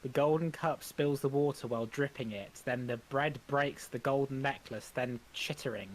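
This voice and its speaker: A man narrating stage directions haltingly. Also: medium pitch. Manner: halting, with restarts. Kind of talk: amateur script reading.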